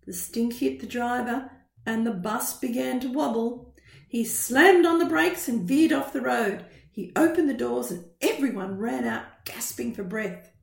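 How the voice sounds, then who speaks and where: A woman reading a children's picture book aloud in a slow, expressive storytelling style. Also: a little high, creaky. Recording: roomy echo.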